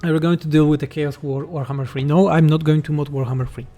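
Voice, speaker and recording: Mellow-voiced Polish man answering chat. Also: on the high side, steady tone, fast talker, faint music behind. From Poland. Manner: blunt, joking, reads chat questions aloud and answers. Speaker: game mod developer streaming. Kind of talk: livestream chat Q&A.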